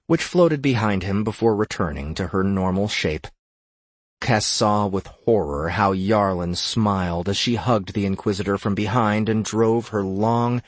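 A man narrating a fantasy audiobook with steady, measured storytelling. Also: lowish voice, no echo.

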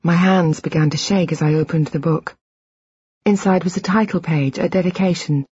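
A woman reading a first-person audiobook in a measured, reflective, quietly intimate way. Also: on the low side, breathy edge, dull audio. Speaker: audiobook narrator.

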